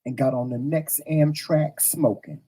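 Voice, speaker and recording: A man speaking to his audience in a mellow, husky voice. He tells a personal story bluntly, with cursing, and hammers his points home by repeating phrases. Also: mid-range voice, steady tone, measured pace, low-quality recording. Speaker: host. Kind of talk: casual storytelling monologue to viewers.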